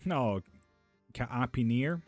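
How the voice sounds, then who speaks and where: A man's voice: mid-range voice, lively intonation, very slow, soft background music. A young man hosting a casual live stream from home, reading chat aloud and bantering with loose, foul-mouthed humor. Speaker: streamer giving tarot readings.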